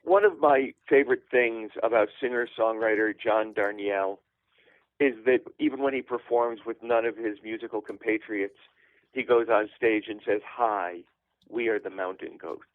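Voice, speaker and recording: A middle-aged man tells a comic story in a dry, deadpan way, with careful pauses before his punchlines. His voice comes through a thin, phone-like line with no room sound at all. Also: on the low side, no echo. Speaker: guest storyteller.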